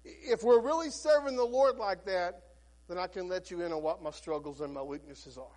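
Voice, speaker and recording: A man's voice: sits high, moderate pace, darkish tone. A man preaching a sermon as a Baptist pastor, folksy and storytelling, with frequent restarts.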